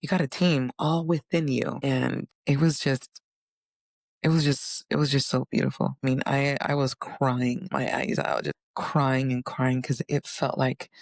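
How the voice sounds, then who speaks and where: Earnest woman with a gravelly voice. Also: measured pace, no echo, clean studio sound. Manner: earnest, animated, acts out inner voices in higher pitch. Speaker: vlogger. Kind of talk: personal storytelling monologue.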